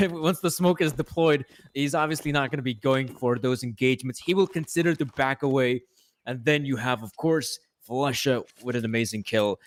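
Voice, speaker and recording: A man's voice: medium pitch, normal speed. A man casting a live esports match, explaining rounds in an analytical, joking way. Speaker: esports caster. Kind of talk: live play-by-play commentary.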